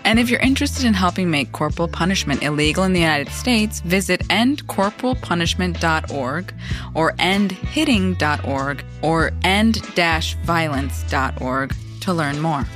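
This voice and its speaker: A woman's voice: lowish voice, expressive, normal speed, music in the background. A woman co-hosting a podcast in casual chat, wry and teasing and easily amused. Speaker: podcast co-host.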